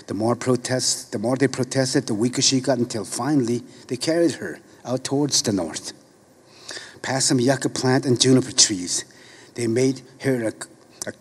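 A middle-aged man reading a story aloud in a slow, measured, solemn way. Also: mid-range voice, breathy edge.

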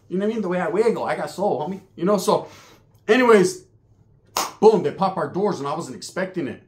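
A man's voice: high voice, animated, fast talker, darkish tone. A man telling a prison story in casual, profane, slang-heavy street talk.

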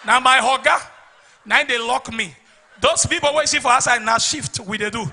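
A comedian plays a male guard with a Nigerian accent, locked in and unbothered. He answers flatly and plainly in a high, bright voice. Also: normal speed, gravelly, a little hiss or hum, full character voice. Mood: explaining. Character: male security guard locked inside, matter-of-fact.

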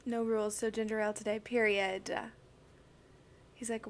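A woman's voice: medium pitch, level tone, normal speed, a little hiss or hum. A young woman streaming a crossword session, chatting casually and gushing as she greets viewers by name. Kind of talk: casual livestream chat.

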